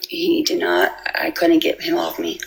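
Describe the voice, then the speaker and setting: A woman giving a halting, emotional personal account, often repeating words and restarting. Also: low-pitched, very animated, creaky, slight background noise, rough recording. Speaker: parent telling her story.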